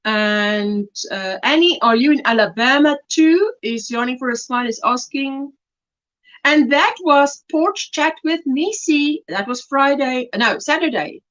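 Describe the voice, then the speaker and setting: South African woman, livestream host, casual chat, reads comments aloud, high-pitched, muffled audio. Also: animated, measured pace, a bit bright. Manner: chatty, reads viewer comments aloud with delight.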